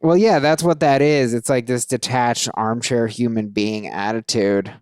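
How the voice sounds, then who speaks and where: Smooth-voiced man rambling through a story. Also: medium pitch, steady tone, unhurried, darkish tone, no room sound, clean studio sound. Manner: rambling, storytelling with acted-out quotes. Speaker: podcast co-host. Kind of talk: casual chat, reading listener posts.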